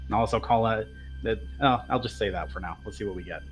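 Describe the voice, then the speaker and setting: A man describes his moves at a tabletop game, pausing on fillers as he thinks. A little music sits in the background. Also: on the low side. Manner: hesitant, lots of fillers. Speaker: player. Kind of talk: casual tabletop play.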